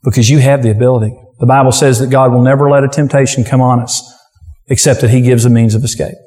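A pastor preaching a sermon with forceful, repetitive exhortation. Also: male voice, medium pitch, steady tone, quick pace, long reverb tail.

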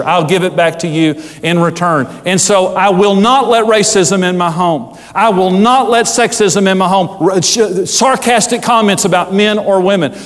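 A male pastor with a high voice preaches with fervor, climbing to loud peaks and dropping to hushed asides. His words ring out with a long reverb, as in a large church hall. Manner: fervent preaching with big swings from loud highs to low hushed asides. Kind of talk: sermon.

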